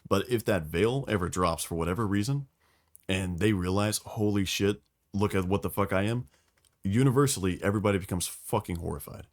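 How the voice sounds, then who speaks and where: A man talks through lore on a casual podcast, swearing freely and acting out quotes as he tells the story. His voice sits a little low. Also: brisk. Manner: profane, animated storytelling with acted quotes. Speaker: podcast host explaining lore.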